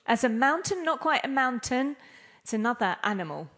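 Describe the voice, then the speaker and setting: A woman's voice: on the high side, big pitch swings, normal speed, a bit bright. Playful woman teaching a scripture class. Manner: playful, laughing, quizzes the audience. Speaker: class speaker.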